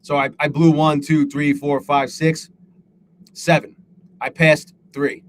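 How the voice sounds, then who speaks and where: A man with a voice on the high side hosts a live trading stream slowly, with little pitch movement and a faint hiss or hum in the audio. He rambles and swears, is hard on himself, and reads out chat names.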